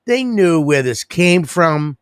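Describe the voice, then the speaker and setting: A man with a somewhat high voice rants profanely on a podcast and often laughs mid-sentence. The recording is dry and close-miked. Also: animated, takes it slowly, clean tone, no echo. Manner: profane, ranting, laughs through his lines. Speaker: podcast co-host. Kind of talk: casual chat.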